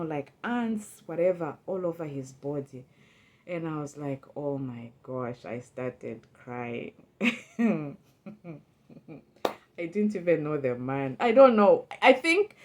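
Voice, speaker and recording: A woman telling a personal story in a casual, emotional way. She often repeats words, restarts, and acts out her own past thoughts. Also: fairly low pitch. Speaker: storyteller recounting a personal experience.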